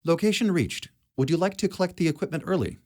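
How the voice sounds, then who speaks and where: A male narrator gives voice to a dutiful robot servant, pitched high, formal and mechanical. It gives each reply as a plain, obedient report, sometimes quick and clipped. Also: a little mellow, lightly acted.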